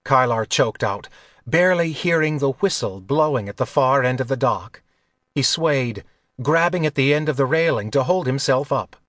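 A man narrating a fantasy novel as an audiobook, in a measured, steady storytelling manner. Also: medium pitch, dry recording, studio quality. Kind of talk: scripted narration.

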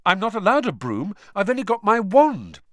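A man's voice: sits high, huge pitch swings, moderate pace, fairly bright tone, no echo, voice pushed up, exaggerated voice. A man reading an audiobook, voicing a frustrated teenage boy wizard in a raised, strained voice. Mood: urgent.

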